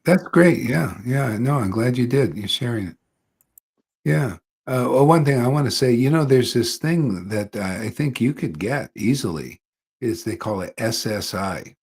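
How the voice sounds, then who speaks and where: Husky man, gently encouraging. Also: medium pitch, lively intonation, unhurried. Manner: soft backchannels, gentle and encouraging. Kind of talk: supportive group chat.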